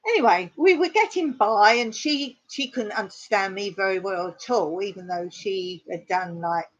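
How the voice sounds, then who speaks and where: Medium-pitched and moderately paced, a middle-aged English woman talks casually with her live-stream viewers, answering comments and laughing often. The dull, lo-fi audio comes from her rural home in Cyprus.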